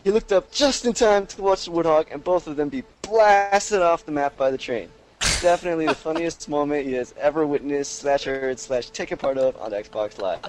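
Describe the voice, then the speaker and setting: A man's voice: fairly high pitch, normal speed, a little hiss or hum, low-quality recording. A young man co-hosting a gaming podcast, reading a listener's story aloud and chatting casually. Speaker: podcast co-host.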